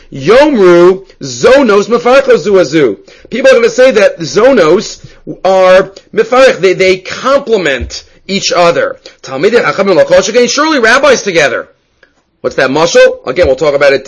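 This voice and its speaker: Man, Talmud teacher, slightly high voice, animated lecture, mixes in Hebrew and Aramaic terms. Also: low-quality recording.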